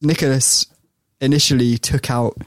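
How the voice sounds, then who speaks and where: A man's voice: mid-range voice, fairly even intonation, moderate pace, dry recording. Brief: male podcast storyteller, laughs a lot, close dry sound. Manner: storytelling, laughs often, many restarts. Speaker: podcast co-host telling a football story. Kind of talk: casual chat.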